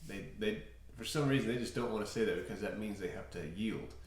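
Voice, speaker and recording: A middle-aged man co-hosting a parenting talk, speaking in a measured way with frequent fillers. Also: fairly low pitch, distant mic. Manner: measured, with many fillers and restarts. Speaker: parenting blog co-host. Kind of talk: casual advice talk. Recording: very echoey room.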